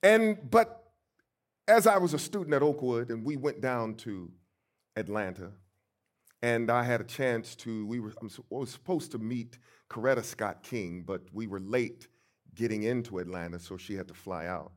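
Emphatic middle-aged pastor telling stories. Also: male voice, mid-range voice, moderate pace. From St. Louis, USA. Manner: emphatic, swings between soft and loud. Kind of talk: storytelling sermon.

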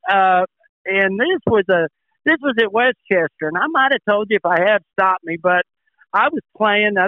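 An older man and former tour pro, a show regular, telling a folksy, animated story in casual chat. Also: sits high, no echo. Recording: tinny phone line.

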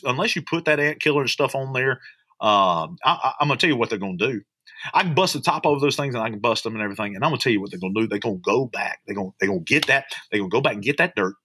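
A man, a pastor preaching on a podcast in an animated, repetitive style. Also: mid-range voice, fast, breathy edge, no echo. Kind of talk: podcast sermon.

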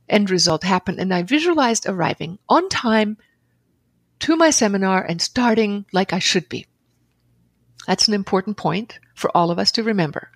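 A middle-aged woman, a guest on a podcast, telling a personal story in an animated way, laughing often and acting out her own inner dialogue. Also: mid-range voice, dry recording. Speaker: podcast guest, author and seminar leader.

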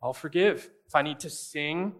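A man preaching a sermon in a conversational style, asking the congregation rhetorical questions and adding quick asides. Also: on the high side, fairly bright tone. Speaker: pastor.

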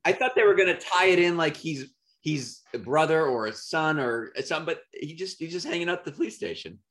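Co-host guy, kinda higher voice, swoops around a lot, lots of stammery restarts. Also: animated, a little fast, a bit bright. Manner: hesitant, restarts often. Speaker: podcast co-host. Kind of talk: casual chat.

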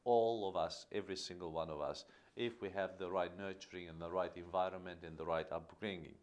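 A man's voice: low-pitched, fairly even intonation, fairly quick. A man hosting a podcast, giving an earnest teaching monologue on parenting and stressing key phrases by repeating them. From Australia. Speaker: podcast host.

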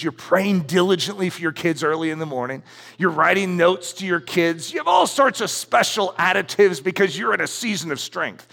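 A man's voice: high voice, creaky, a bit bright. A middle-aged man preaching a sermon as pastor, emphatic and repetitive as he drives his points home in a church. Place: church sanctuary. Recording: church hall reverb.

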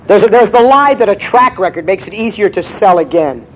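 A man's voice: high voice, animated, a little fast, low-quality recording. A man giving a comic lecture as a writer, brash and profane, rambling with stammered restarts.

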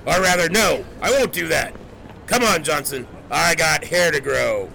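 A man playing a cheerful, vain newspaper boss who talks in a brisk, boastful way. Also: on the high side, expressive, vocal fry, pushed and bright, soft background music, full character voice. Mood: blustery. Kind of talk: audio drama acting.

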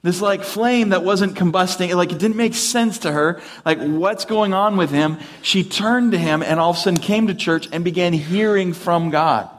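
A male pastor preaching to his congregation in a relaxed, conversational manner. His voice sits a bit higher than most men's. He restarts and corrects himself often and slips in dry humor. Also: moderate pace, hardly any pauses. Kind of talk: conversational sermon.

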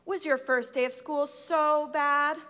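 A woman's voice: sits high, fairly even intonation, takes it slowly, sharp tone, in a large hall, heavily acted. Woman reading as an encouraging mother.

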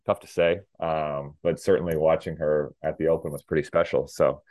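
A middle-aged man from Minnesota with a very deep, low voice tells the story of his tennis career as an interview guest. He talks in an easy, rambling way, full of fillers and restarts. The recording is dry and close, with no room sound. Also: little pitch movement, normal speed, darkish tone, no echo. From Minnesota, USA. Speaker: guest, former pro tennis player. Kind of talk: casual interview talk.

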